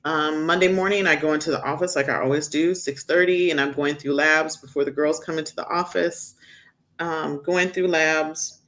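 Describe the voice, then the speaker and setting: A middle-aged woman doctor, a podcast guest, telling a personal story frankly and animatedly, jumping up in pitch as she quotes others. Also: moderate pace. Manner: animated, acts out quoted people with sudden high pitch; frank, candid.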